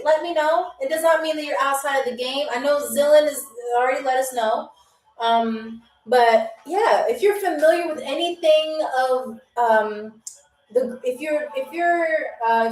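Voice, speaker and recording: A woman's voice: high-pitched, echoey room, recorded from a distance, low-quality recording. A woman from New York hosting a live-stream game show, chatty and playful as she answers viewers' comments.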